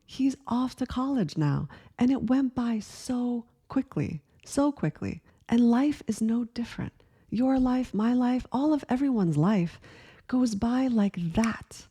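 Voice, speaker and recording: A woman in her forties giving a gentle, earnest spiritual talk that often asks the listener questions. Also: a little high, animated, takes it slowly, breathy edge. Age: 40s. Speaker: spiritual teacher. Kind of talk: reflective spiritual talk to camera.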